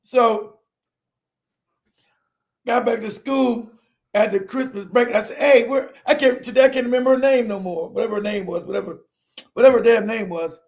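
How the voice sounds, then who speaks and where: High-voiced animated storyteller, profane and laughing. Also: male voice, moderate pace, pauses often. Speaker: streamer telling a personal story. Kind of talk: casual storytelling.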